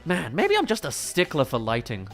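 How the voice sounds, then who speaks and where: A man reviews films in eager, detailed analysis, picking apart shots and lighting. His voice sits a little high, with faint music under his commentary. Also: huge pitch swings, moderate pace, a bit bright. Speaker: film reviewer.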